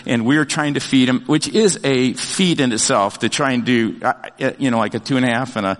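An older man delivers a sermon in a middle-pitched voice, chatty and animated, often restarting his sentences with fillers. His voice carries a long reverb from a church sanctuary. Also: fairly quick. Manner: conversational, animated storytelling with many fillers and restarts. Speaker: pastor.

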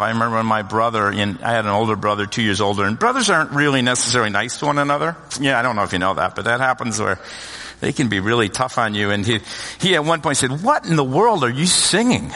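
A middle-aged man preaching a sermon, telling humorous stories and joking with the congregation in a church. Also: mid-range voice. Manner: storytelling with humor, lively asides to congregation. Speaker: pastor. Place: church sanctuary. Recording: long hall reverb.

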